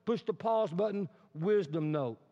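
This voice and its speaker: A man with a notably high voice preaches a sermon, spinning the story out with animated asides and rhetorical questions. A long echo carries his words across the church sanctuary, and the recording sounds dull and lo-fi. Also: a little slow. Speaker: pastor. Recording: reverberant hall, dull lo-fi sound.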